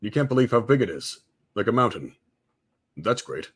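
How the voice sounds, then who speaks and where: A man's voice: lowish voice, big pitch swings, moderate pace, slightly rough. A man voicing a husband filming his wife, speaking in a coaxing, encouraging way.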